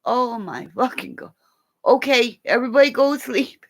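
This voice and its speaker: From bed at home with her dog, a woman chats aimlessly with livestream viewers, teasing them warmly, swearing and laughing all the time. She speaks at normal speed in a fairly high voice with lively intonation.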